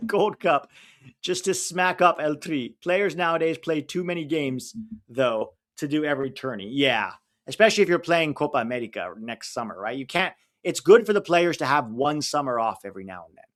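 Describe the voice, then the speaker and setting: A fairly high-voiced man hosts a live football watch-along, talking loosely and animatedly. He rattles off lists, laughs easily, and answers viewer questions on the fly. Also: animated, moderate pace, a bit bright. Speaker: host of a live match watch-along stream. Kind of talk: casual chat, live stream reaction.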